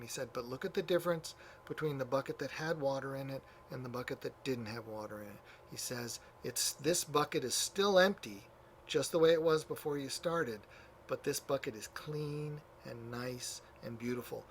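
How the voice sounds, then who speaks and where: A man lecturing a class in a relaxed, conversational way, his voice sitting at an ordinary middle pitch. He spins out a story with lots of fillers and quick asides. A faint hiss of background noise sits under the recording. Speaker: church history teacher. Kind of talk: classroom lecture, retelling stories.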